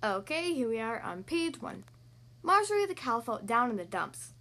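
A young woman hosting a podcast, reading a children's storybook in a friendly, expressive way. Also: a little high, normal speed.

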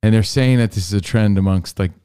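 A man's voice: lowish voice, fast talker, warm tone, clean tone. A man co-hosting a casual radio talk show, wry and joking, sometimes drawing out his words. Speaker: co-host.

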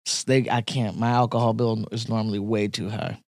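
A man, a comedian in casual chat, talking in excited slang with frequent swearing. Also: fairly low pitch, a little fast, dry recording, studio quality.

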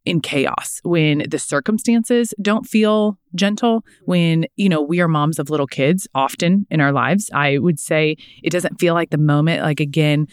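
A woman's voice: sits low, unhurried, few pauses, clear, resonant tone, no echo, studio quality. A young woman, a mother of small children, talking earnestly in a casual faith podcast and filling her speech with "like". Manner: earnest, frequent "like" fillers. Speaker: podcast co-host.

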